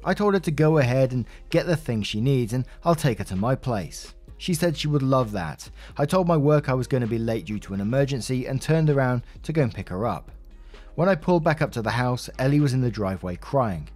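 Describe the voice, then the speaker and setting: A man reads a Reddit story aloud, casual and chatty, with asides along the way. His voice sits at an average pitch over faint background music. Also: animated, fairly quick, darkish tone. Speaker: story narrator.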